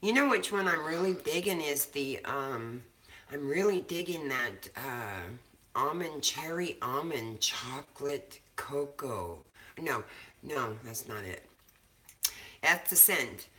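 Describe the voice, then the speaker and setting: A woman's voice: deep voice, expressive, slow pace, bright, forceful tone. A woman chatting casually from her home kitchen, talkative and laughing often, swearing now and then. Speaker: co-host of a cannabis show. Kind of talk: casual chat.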